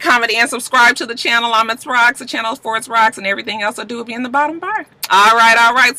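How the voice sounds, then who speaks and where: A woman's voice: on the high side, sharp tone, rough recording. A woman vlogging a casual, sassy episode recap, chatty and playful as she talks. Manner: sassy, chatty, quotes characters in voices. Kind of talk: casual chat.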